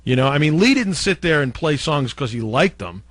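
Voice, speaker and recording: A man with a slightly high voice tells stories from his radio days, acting out what others said with lively energy. The sound is dry and close, with no room around it. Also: moderate pace, no echo. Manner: animated, acts out quotes of others. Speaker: former radio DJ guest. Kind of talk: casual storytelling interview.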